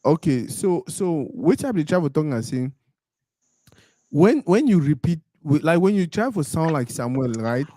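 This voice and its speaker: A man hosting an interview, relaxed and laughing as he asks questions. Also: on the high side, moderate pace, no room sound. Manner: relaxed, laughing, backchannels a lot. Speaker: interviewer host. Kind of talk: casual interview chat.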